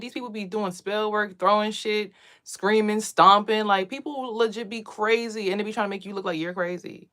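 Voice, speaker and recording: A woman's voice: mid-range voice, moderate pace. Blunt, profane woman ranting to camera. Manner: animated, swings louder when worked up. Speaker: spiritual vlogger and reader. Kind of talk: casual monologue to camera.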